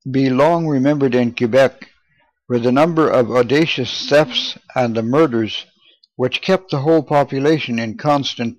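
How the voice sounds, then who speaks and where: Measured male audiobook narrator, dry sound. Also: mid-range voice, no echo, poor audio. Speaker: audiobook reader. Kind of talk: scripted narration.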